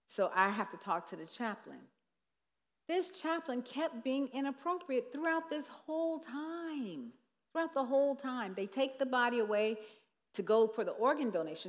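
Woman minister, earnest conversational sermon, rhetorical asides, fairly high voice, long hall reverb. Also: lively intonation, normal speed. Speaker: minister teaching on grief ministry. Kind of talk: sermon-style teaching.

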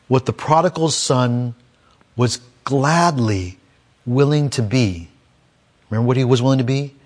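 A man preaching a sermon, reading a scripture passage and then explaining it verse by verse, sometimes raising his voice to act out the characters. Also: mid-range voice. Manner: acts out the complaining son in a raised voice.

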